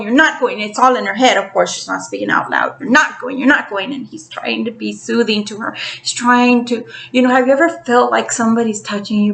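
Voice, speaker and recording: A woman tarot reader casually retelling a story to the camera in an animated way, acting out the quotes. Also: mid-range voice. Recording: roomy echo.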